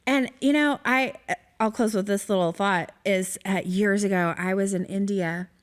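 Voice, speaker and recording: A woman's voice: mid-range voice, moderate pace. A woman, a guest on a church podcast, telling a story with feeling and many fillers. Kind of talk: casual faith conversation, storytelling.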